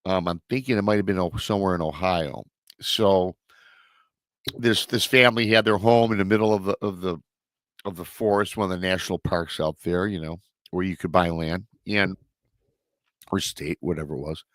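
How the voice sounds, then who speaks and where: A man's voice: deep voice, normal speed, no room sound. A male host telling a story in a casual, rambling way, full of restarts and stock filler phrases. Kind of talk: casual storytelling on a live show.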